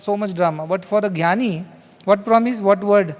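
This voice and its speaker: A man's voice: high voice, fast, long reverb tail. A man with an Indian English accent giving a spiritual discourse, talking conversationally and acting out quoted dialogue in his stories. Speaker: spiritual teacher. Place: large hall.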